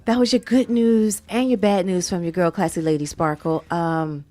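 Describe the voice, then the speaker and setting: A woman co-hosts a community radio talk show in a relaxed, conversational voice. She often says a phrase twice as she works through her point. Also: lowish voice, normal speed. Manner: easygoing, conversational, repeats phrases. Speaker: radio co-host. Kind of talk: casual radio chat.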